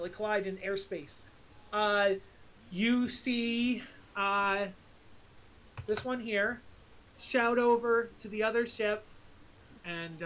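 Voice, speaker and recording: A woman as dungeon master, explaining rules with lots of fillers and quick laughs. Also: mid-range voice. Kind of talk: running a tabletop game on stream.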